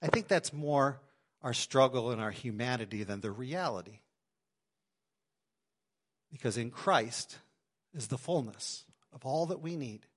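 A man preaching a sermon to his congregation in a church, swinging between loud emphasis and quiet asides. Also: medium pitch, lively intonation, measured pace, pauses often, slightly rough. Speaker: pastor. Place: church sanctuary.

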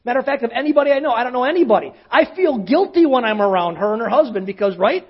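A male pastor preaching in a conversational storytelling way, often dropping to a hushed voice. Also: very high-pitched, lively intonation, rapid-fire, husky. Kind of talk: sermon storytelling. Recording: dull lo-fi sound.

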